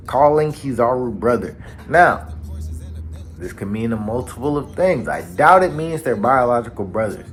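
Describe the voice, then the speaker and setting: A man hosts a casual recap and tells the story in a slangy way. His pitch swings widely as he builds the drama. Faint music plays behind his voice. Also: big pitch swings, normal speed. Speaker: anime channel host. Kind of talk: casual manga chapter recap.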